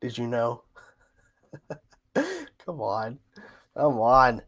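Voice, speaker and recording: This livestream host has a mid-range, fairly bright voice with huge pitch swings and drawn-out words. He reads viewer questions aloud and answers in a chatty, repetitive manner, laughing frequently.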